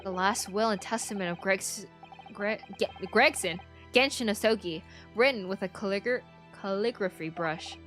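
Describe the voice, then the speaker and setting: A woman voicing a gruff, testy male prison warder in an uneven put-on Scottish accent, read from a game. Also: mid-range voice, normal speed, a bit bright, faint music behind, voice pushed down, close to an everyday voice. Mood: brusque. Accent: put-on Scottish, inconsistent. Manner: brusque, dismissive, thick brogue words. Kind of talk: reading game dialogue aloud.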